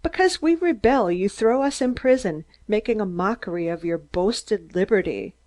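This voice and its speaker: A woman reading an audiobook, voicing a stunted, excitable man who rants in shrill, staccato bursts. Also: normal speed, natural voice. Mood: ranting. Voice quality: shrill, squeaky. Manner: screaming, staccato, gloating.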